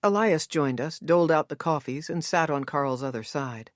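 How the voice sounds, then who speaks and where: Woman narrator, audiobook, first-person story, measured, steady, dry close recording. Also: low-pitched, no room sound.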